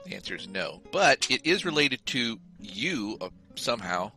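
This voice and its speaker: A man co-hosting a podcast, telling absurd deadpan jokes in casual chat and reading a mock ad. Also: on the low side, normal speed, soft background music. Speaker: podcast co-host.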